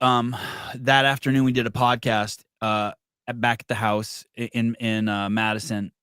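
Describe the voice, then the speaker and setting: A middle-aged man with a mid-pitched voice hosts a casual podcast. He talks bluntly, swears freely and jokes around, and the sound is dry and close. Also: flat delivery, normal speed, fairly bright tone, clean tone, dry recording. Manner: blunt, profane, joking. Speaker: podcast host. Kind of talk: casual conversation.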